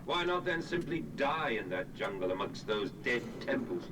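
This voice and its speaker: A man's voice: mid-range voice, big pitch swings, moderate pace, natural voice. A man playing a grieving, obsessed Victorian industrialist in a horror game, speaking bitterly. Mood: brooding bitter. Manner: brooding, bitter. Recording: distant game audio with clear noise.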